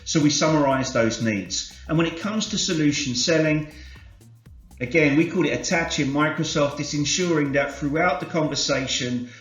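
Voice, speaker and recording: A man from the UK leading a corporate sales training session, explaining concepts in a measured way and varying his inflection to demonstrate. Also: medium pitch. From United Kingdom. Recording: roomy, slightly dull, soft music behind.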